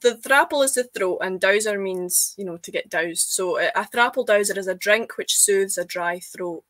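A young woman with a Scottish central belt accent, chatting in a lively way and mixing Scots words into her English. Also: medium pitch, normal speed, no room sound. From Scotland. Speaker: guest, Scots language poet. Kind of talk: casual conversation.

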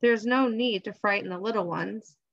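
A woman reading aloud as a quiet, protective mother in a storybook, on a dull lo-fi recording. She speaks softly and pleads for calm. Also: mid-range voice, normal speed, vocal fry. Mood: pleading. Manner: soft, pleading.

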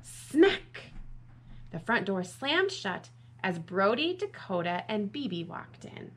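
A woman librarian reading a picture book aloud at storytime, slow and expressive, asking the children questions. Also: mid-range voice.

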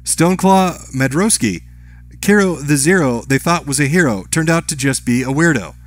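A man with a fairly high, lively voice reads viewer messages from a live stream at a normal pace, with no echo. He says chat names and messages aloud and answers each with a quick, offhand remark.

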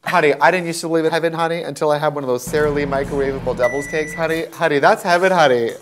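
A man's voice: fairly high pitch, fairly even intonation, rapid-fire, background noise, lightly acted. A man playing a flamboyant aging gay man in improvised comedy, drawling "honey" after every phrase in a theatrical way. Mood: campy. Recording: music playing loudly behind.

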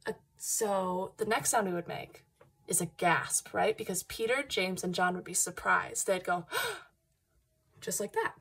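Playful breathy woman reading to children. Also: fairly low pitch, normal speed. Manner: lively, playful and encouraging. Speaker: children's Bible storyteller. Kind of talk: reading a Bible story aloud to children.

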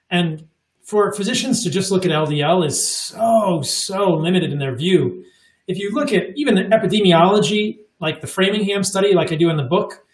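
A man's voice: a little high, reverberant. A man in his forties, a podcast guest, talking emphatically and repeating words for stress. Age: 40s. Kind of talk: casual chat.

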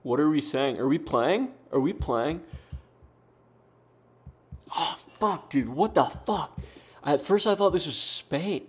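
A man's voice: on the high side, expressive, slow, pauses often, slightly rough. A young American man doing casual gameplay commentary as a streamer, laid-back and profane, talking in bursts with lots of fillers and self-deprecating jokes. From United States. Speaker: gaming streamer.

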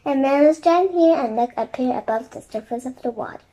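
High-voiced woman reading a chapter book. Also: a little fast, mellow, low-quality recording. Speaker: storybook reader.

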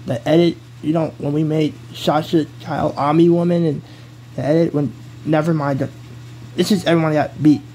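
A man's voice: on the high side, flat delivery, moderate pace, mellow, slight background noise, rough recording. A man casually telling a made-up hero story, giggling and rambling, often breaking off mid-sentence.

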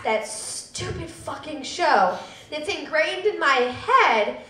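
A woman's voice: high-pitched, big pitch swings, slow pace, a bit bright, echoey room. A woman in her thirties telling a personal story live at a public storytelling event, self-deprecating with laughing asides.

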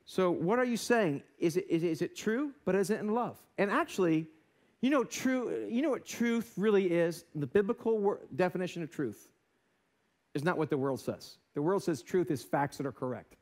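A man's voice: high-pitched, expressive, moderate pace, a little mellow. A male American pastor giving a sermon in a church, telling a self-deprecating story and acting out voices. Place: church sanctuary.

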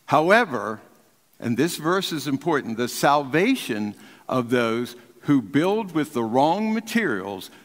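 A man's voice: mid-range voice, very animated, slow pace. Older man preaching in a reverberant hall. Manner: emphatic preaching that swings from loud to hushed. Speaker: pastor. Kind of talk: sermon. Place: large church sanctuary.

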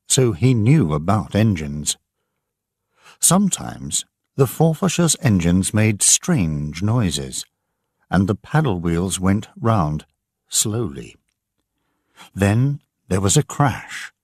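A man narrating an audiobook for English learners, slow and clearly enunciated. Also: sits low, darkish tone, no echo, clean studio sound.

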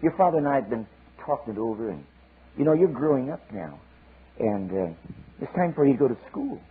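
A man's voice: mid-range voice, very animated, brisk, husky. A man voicing a mother eagle who explains things soothingly and patiently, on an old sermon tape. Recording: tinny lo-fi sermon tape with hiss.

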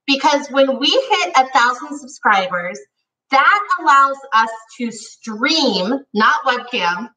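High bright woman, bubbly live-stream host. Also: expressive, slow, far from the mic. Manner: bubbly, gushing, reads out chat names. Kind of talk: casual live-stream chat. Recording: echoey room, voice off-mic.

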